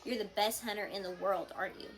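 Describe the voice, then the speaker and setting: A woman voicing a skinny, anxious boy who talks in a hushed, urgent way in a storybook read-aloud. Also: medium pitch, steady tone, fast talker, soft background music, close to an everyday voice, poor audio.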